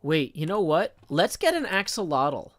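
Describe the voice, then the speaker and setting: A tired man giving casual live game-stream commentary as a streamer, talking to himself and reading chat aloud with soft muttered asides. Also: fairly high pitch, very animated, normal speed, no echo.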